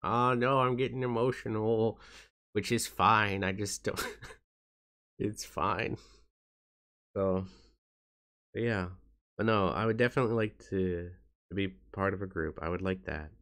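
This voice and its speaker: Soft-spoken tired man, low voice. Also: fairly even intonation. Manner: soft-spoken, halting, with frequent restarts. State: tired and in pain. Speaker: YouTuber. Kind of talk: casual talk to camera.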